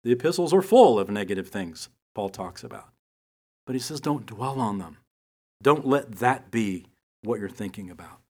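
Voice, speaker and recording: A middle-aged man teaching from the Bible, telling personal stories in a relaxed, humorous way. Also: fairly low pitch, normal speed. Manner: conversational storytelling with humor.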